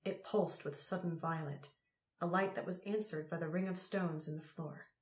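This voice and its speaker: A woman narrating an audiobook chapter in a measured, unhurried reading. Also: lowish voice, fairly even intonation. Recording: roomy echo.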